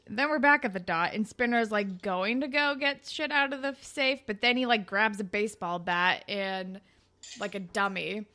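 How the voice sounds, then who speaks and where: A woman's voice: mid-range voice, normal speed, bright, forceful tone. A young woman co-hosting a podcast, recapping a TV episode in casual, profane chat and mimicking the characters. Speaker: podcast co-host.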